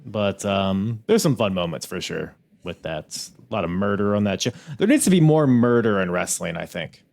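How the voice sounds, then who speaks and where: A man's voice: on the low side, lively intonation, moderate pace, creaky, a little mellow. A man hosting a wrestling podcast, chatting casually and joking with a guest. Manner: joking, laid-back banter. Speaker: podcast host. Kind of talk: casual chat.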